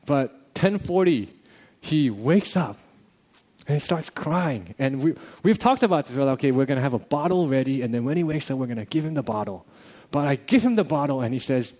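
Man telling a lively personal story. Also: mid-range voice, a little fast. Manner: animated storytelling, acting out quotes, chuckling. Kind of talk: casual personal testimony.

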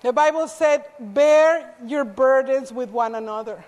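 Slow-spoken woman preaching in an echoey hall. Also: high-pitched, darkish tone. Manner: earnest storytelling with self-deprecating asides. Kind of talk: sermon with personal story.

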